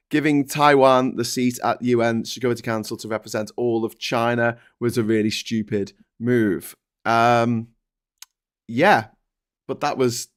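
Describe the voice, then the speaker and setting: Male host, casual stream chat, jokey, reads out comments, average pitch. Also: fairly bright tone.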